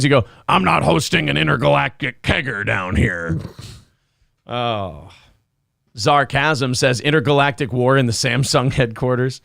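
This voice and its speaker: A man's voice: fairly high pitch, gravelly, bright, forceful tone, no echo, studio quality. A man co-hosting a morning talk show, joking crudely and reading viewer comments aloud. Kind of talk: crude casual banter.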